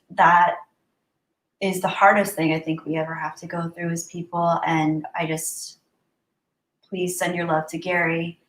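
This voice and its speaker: A woman's voice: fairly low pitch, far from the mic. Chatty woman streamer, roomy and off-mic. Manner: chatty, warm thanks to viewers, laughs often. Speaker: livestream host. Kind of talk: casual live-stream chat. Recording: roomy sound, voice a bit off-mic.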